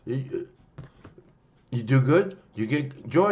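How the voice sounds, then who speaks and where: A man's voice: medium pitch, lively intonation, a little slow, pauses often, darkish tone. Earnest man preaching on a dull recording. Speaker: Christian channel host. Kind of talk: informal spiritual talk to camera.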